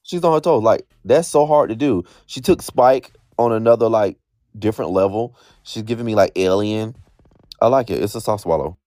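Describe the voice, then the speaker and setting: A man's voice: lowish voice, moderate pace, no echo, clean studio sound. A man co-hosting a podcast, chatting casually about a reality show and acting out his own reactions. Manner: expressive, swears, acts out his own reactions. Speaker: podcast co-host.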